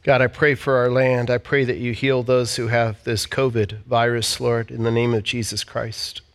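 A man's voice: medium pitch, little pitch movement, normal speed. A man leading a heartfelt sermon and prayer in church, speaking earnestly and repeating phrases. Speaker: pastor.

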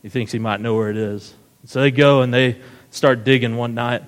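Pastor, male, mid-pitched voice; casual storyteller in a long-echo sanctuary. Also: fairly even intonation, brisk. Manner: casual storytelling, keeps checking in with "right?". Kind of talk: sermon. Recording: long hall reverb.

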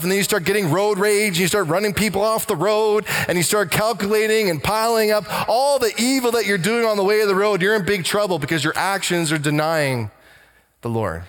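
Preacher, male, slightly higher voice, emphatic sermon delivery with weighty low drops, long hall reverb. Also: fairly bright tone. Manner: emphatic, slows down and drops low to stress lines. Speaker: pastor.

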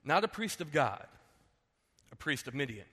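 A male pastor preaching to his congregation with a bright, forceful voice that rings with a long hall reverb. He tells the story in an animated way and often checks in with "right?". The pitch sits a little high for a man. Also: moderate pace, breathy edge. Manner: animated, acts out characters, asks "right?". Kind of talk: sermon storytelling. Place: church sanctuary.

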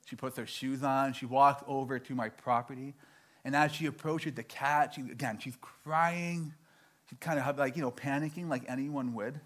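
A young man from Canada telling a stand-up story, animated and self-mocking, acting out his own dialogue. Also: mid-range voice, normal speed. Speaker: stand-up comedian.

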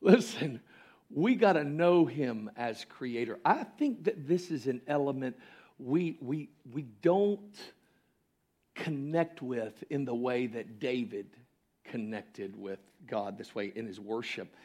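A man preaching a sermon as pastor, with impassioned delivery that swings between loud exclamations and hushed lines in a church sanctuary. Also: mid-range voice, slow pace.

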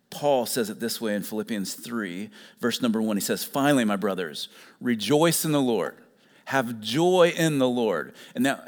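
Emphatic preacher in a large echoing hall. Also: male voice, lowish voice. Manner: earnest, emphatic, repeats key phrases. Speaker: pastor. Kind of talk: sermon.

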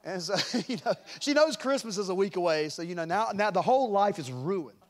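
This is a middle-aged pastor with a high voice, speaking fairly quickly as he preaches. He shares a family story with chuckles and lively delivery.

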